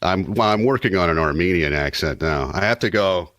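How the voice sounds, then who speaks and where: Deep-voiced wry joking man. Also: animated, a little fast, a bit bright, no room sound, clean studio sound. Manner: wry, self-mocking joker. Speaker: podcast co-host. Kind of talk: casual chat.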